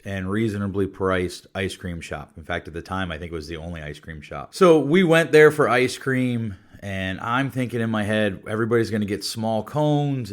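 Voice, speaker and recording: A man of middle pitch talks straight to his listeners as a podcast host. He explains step by step in an earnest, teaching way and mixes in stories from his own life. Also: a bit bright. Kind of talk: solo podcast talk.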